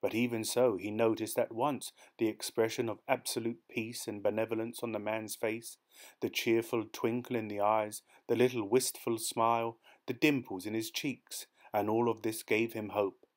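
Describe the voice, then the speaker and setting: A man reading a dark short story aloud as an audiobook narrator, in a measured, steady storytelling manner. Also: fairly low pitch. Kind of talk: scripted narration.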